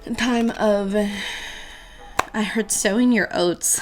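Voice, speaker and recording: A woman's voice: mid-range voice, slow, faint music behind. A woman giving a casual tarot reading, playful and swearing freely, often breaking into laughter. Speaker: tarot reader.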